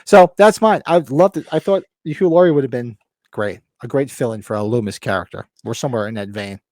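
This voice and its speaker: A man's voice: medium pitch, brisk, darkish tone, no echo, clean studio sound. A man co-hosting a podcast, chatting casually, rambling and restarting, with some swearing. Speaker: podcast co-host. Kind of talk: casual chat.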